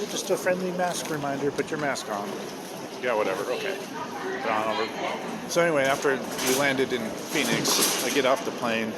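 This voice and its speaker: A man telling a story in a casual, rambling way, sardonic and swearing freely, with many pauses and fillers. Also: lowish voice. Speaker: vlogger. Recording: loud vehicle noise behind.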